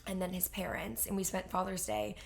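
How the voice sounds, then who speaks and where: A woman's voice: mid-range voice, brisk, gravelly. Chatty young woman telling a story. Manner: animated storyteller, heavy use of "like". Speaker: podcast co-host. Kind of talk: casual chat.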